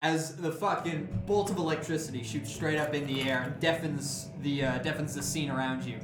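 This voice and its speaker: A man's voice: on the high side, steady tone, normal speed, hardly any pauses. A man narrating as game master of a tabletop game, swearing freely. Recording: echoey room, music playing.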